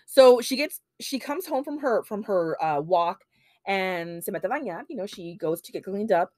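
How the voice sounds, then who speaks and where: A woman's voice: mid-range voice, expressive, normal speed, a little mellow, dry recording, studio quality. A woman hosting a podcast and retelling a true crime case in a casual, chatty way, full of fillers and bits of Spanish. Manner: chatty, many fillers, drops Spanish phrases; acts out quoted lines in a heated voice. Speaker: podcast host.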